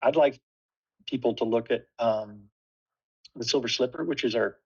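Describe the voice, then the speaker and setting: A man's voice: medium pitch, moderate pace, vocal fry, slightly rough, lo-fi sound. A man speaking as a production designer in a casual panel talk, thoughtful and full of restarts.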